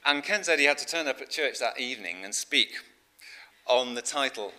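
A middle-aged man preaching a sermon in a conversational storytelling way, with fillers and frequent throat-clearing. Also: mid-range voice, expressive, normal speed, sharp tone.

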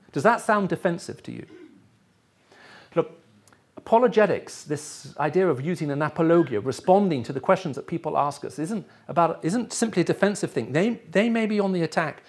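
This is sermon teaching from a middle-aged, English-accented man raised in the Middle East. His voice sits on the higher side with a husky quality, and as he preaches to a live audience he regularly checks in with them.

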